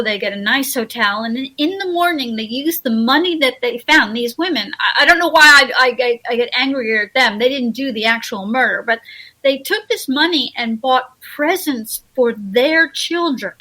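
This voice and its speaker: A woman author speaks as a radio interview guest. Her voice sits a little high and sounds sharp and bright. She is earnest and halting, and often breaks off to restart a sentence. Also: animated, rough recording.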